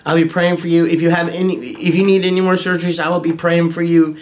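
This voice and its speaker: A young man, a voice impressionist, excitedly reading fan mail in a casual way. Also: on the high side, fast talker, few pauses. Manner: excitable, animated, swings to emotional. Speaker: voice impressionist YouTuber. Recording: music bed underneath.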